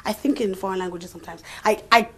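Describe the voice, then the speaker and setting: A young adult woman chatting as an interview guest, lively and expressive, restarting sentences and laughing easily. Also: medium pitch, fast. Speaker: interview guest, actress and voice artist. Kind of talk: casual interview chat.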